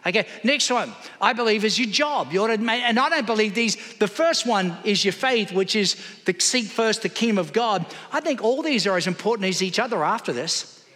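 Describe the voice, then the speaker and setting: A man's voice: high voice, expressive, a little fast, pushed and bright. A man preaching a sermon in church, calling out to the congregation for responses. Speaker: pastor. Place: church hall. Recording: long hall reverb.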